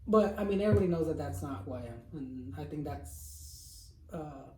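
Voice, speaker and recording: A man's voice: on the high side, lively intonation, normal speed, dark tone, slight background noise. A young man chatting casually with friends, rambling with lots of fillers and frequent laughter. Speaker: friend in group chat. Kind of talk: casual chat among friends. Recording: roomy, distant from mic.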